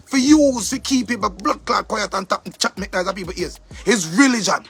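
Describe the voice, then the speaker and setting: A man's voice: high-pitched, lively intonation, normal speed, hardly any pauses, a bit bright, slightly rough. A man with a Jamaican accent delivering an angry, profane monologue rant, repeating himself for emphasis. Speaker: commentator.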